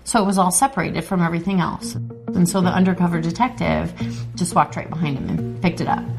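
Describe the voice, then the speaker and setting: A woman's voice: fairly low pitch, steady tone, fast talker, creaky, over music. A woman police detective recounting a case in an interview, telling it in vivid detail. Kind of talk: interview recollection.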